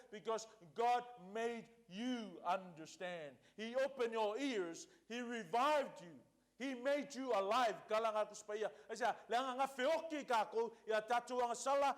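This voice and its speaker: High-voiced pastor preaching. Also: male voice. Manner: switches between two languages, emphatic repetition. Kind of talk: sermon.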